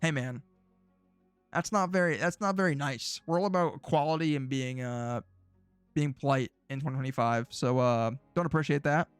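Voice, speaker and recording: A man's voice: medium pitch, moderate pace, smooth, no room sound, faint music behind. A man streaming casually, reacting to old predictions with jokey, sarcastic remarks.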